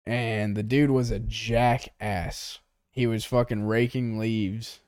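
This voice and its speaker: A man's voice: lowish voice, slow pace, clean tone, no room sound, clean studio sound. A man co-hosting a podcast in a tea shop, telling profane stories in casual chat and acting out the people in them. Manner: profane, animated storytelling with acted quotes. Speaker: podcast co-host.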